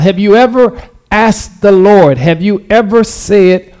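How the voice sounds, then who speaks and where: A man's voice: sits high, darkish tone. A man preaching a livestreamed sermon, drawing the congregation into call and response and repeating his phrases. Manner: slow, drawn-out delivery. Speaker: pastor.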